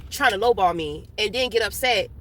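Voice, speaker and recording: A woman's voice: medium pitch, animated, brisk. A young woman talking candidly in a casual monologue. She swears freely, laughs often, and talks while eating. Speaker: vlogger.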